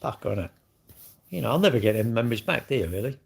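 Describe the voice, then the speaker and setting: A middle-aged man chats casually on a livestream, reading viewer comments and rambling bluntly with plenty of slang. His mid-range voice is sing-song, fast, creaky and a bit rough.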